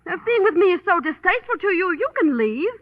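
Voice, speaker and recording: A petulant runaway heiress in a 1930s radio play, with a high voice that swings all over. She whines and sulks at every turn. The sound is tinny, like an old broadcast. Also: very animated, normal speed. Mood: indignant. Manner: whiny, complaining, dramatic. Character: spoiled runaway heiress, young woman, petulant. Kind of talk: 1930s radio drama acting.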